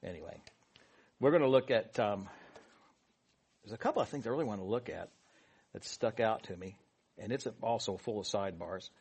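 A man's voice: on the low side, moderate pace, pauses often, darkish tone, slightly rough. A man leading a Bible study with a prayer, then teaching in a casual, rambling way with many asides and fillers.

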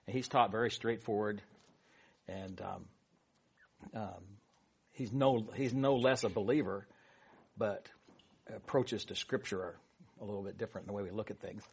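Husky-voiced man leading a Bible study. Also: on the low side, normal speed, long pauses. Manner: rambling, full of asides and fillers. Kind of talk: casual Bible teaching.

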